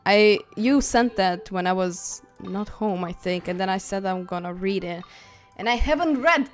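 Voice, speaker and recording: A woman live streaming a video game, chatting casually with her viewers, giggly and prone to excited squeals. English is not her first language. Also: mid-range voice, moderate pace, few pauses. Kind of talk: casual gaming stream chat. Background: faint game music.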